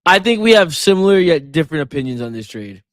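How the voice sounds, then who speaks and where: Animated exasperated man, dry mic. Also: quick pace, no room sound. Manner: animated, exasperated, swings pitch widely. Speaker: co-host. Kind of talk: casual sports chat.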